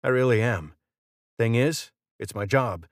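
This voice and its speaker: A man's voice: mid-range voice, a little slow, dry recording, studio quality, lightly acted. A man reading the lines of a cocky male federal agent in an audiobook, mocking and chatty. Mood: smug.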